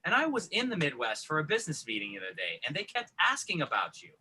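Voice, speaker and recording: A man doing online improv comedy with a very bright, ringing tone. His pitch swings widely, and he rambles earnestly with plenty of fillers and restarts. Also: huge pitch swings, fast, breathy edge. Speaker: improv performer.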